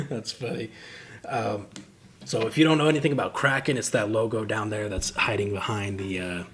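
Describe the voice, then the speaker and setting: A man casually commenting on combat footage, relaxed and profane, with many fillers and restarts. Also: on the low side, unhurried, long pauses, slight background noise. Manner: laid-back, swears freely, trails off with fillers. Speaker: host reacting to combat footage.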